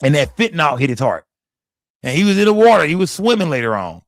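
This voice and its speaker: A man's voice: fairly high pitch, very animated, quick pace, no echo, studio quality. Profane Texan man hosting a livestream. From Texas. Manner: loose, profane, talks straight to chat. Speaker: livestream host. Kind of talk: casual livestream commentary.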